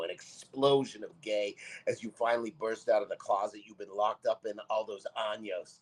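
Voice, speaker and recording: Brash, husky-voiced man reading comedy. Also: fairly low pitch, steady tone, normal speed, hardly any pauses. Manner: brash, abrasive, loud and mocking. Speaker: guest comedian. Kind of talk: comedy script table read.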